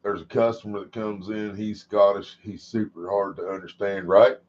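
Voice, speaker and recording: A man's voice: lowish voice, fairly even intonation, normal speed, a little mellow, a little hiss or hum. Profane rambling hillbilly livestream man. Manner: profane, rambling, laughs often; sing-song repetition. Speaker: livestream host. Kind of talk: casual livestream chat. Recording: dull lo-fi stream audio.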